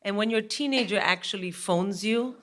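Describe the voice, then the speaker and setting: On a live stage, a guest comedian in her forties laughs her way through an animated story. She has a medium-pitched voice and keeps a normal speed.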